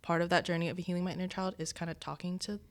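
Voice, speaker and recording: Low-voiced young woman reflecting. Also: level tone, rapid-fire. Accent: Californian. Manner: reflective, thinking aloud. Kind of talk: casual chat.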